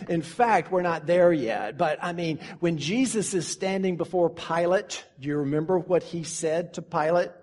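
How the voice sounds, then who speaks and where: A pastor preaching a sermon earnestly, slowing down to stress key phrases and pausing for effect. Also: male voice, a little high, darkish tone, long reverb tail. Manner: earnest preaching with dramatic pauses and slow emphasis.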